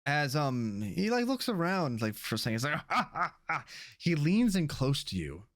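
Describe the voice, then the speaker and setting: A man's voice: a little high, sing-song, moderate pace, no room sound, studio quality. A man narrating a tabletop game as dungeon master, chatty and loose with many fillers.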